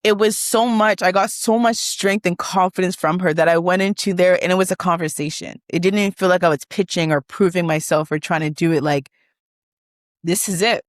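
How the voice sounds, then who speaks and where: Woman guest, animated and emotional storyteller, dry close sound. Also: lowish voice, brisk, few pauses, no room sound. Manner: animated, emotional, acts out quoted dialogue. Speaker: guest, business founder. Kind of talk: conversational interview storytelling.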